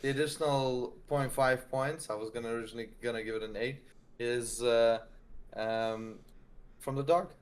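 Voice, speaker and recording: A man's voice: mid-range voice, fairly even intonation, moderate pace, clear, resonant tone. Man giving short, plain remarks. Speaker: podcast panelist. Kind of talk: casual book discussion.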